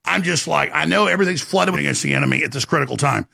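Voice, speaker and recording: A man hosting a talk show, delivering an emphatic rant and sales pitch with sudden swings in pitch. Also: fast, creaky, bright, forceful tone, husky, no room sound, clean studio sound.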